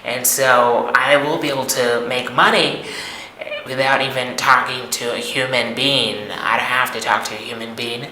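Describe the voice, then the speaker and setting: A man's voice: medium pitch, steady tone, moderate pace, pushed and bright. A man giving a repetitive, emphatic, lecturing monologue to the camera as an online money coach. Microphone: camera mic. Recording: echoey room, faint noise.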